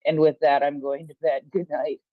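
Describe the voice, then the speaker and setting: A man casually passing on a news item in an online audio chat, with wry, unhurried delivery. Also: on the high side, little pitch movement, dry recording. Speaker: Twitter Space participant. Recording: muffled dry online call audio.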